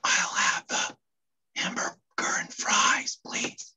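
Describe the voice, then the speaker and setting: A man's voice: very high-pitched, sing-song, slow, a bit bright, pitched above the performer's own voice, full character voice. A pastor putting on a sheepish guy in a joke. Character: ordinary adult man ordering food in a library. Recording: dull lo-fi sound.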